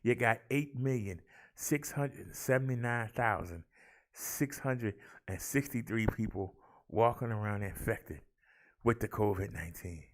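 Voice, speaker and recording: A man's voice: fairly low pitch, a little slow. A man hosting his own online show, reading daily figures with theatrical flair, rolling his R's and calling the viewers y'all. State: out of breath. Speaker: vlog host. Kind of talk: casual chat and daily numbers rundown.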